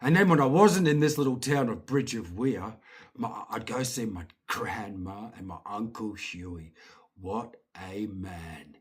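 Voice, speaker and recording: A man's voice: on the low side, expressive, measured pace, slightly rough. A middle-aged Scottish man telling his own childhood stories in a rambling, swearing, chuckling way. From Scotland. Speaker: storyteller. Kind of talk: casual personal storytelling.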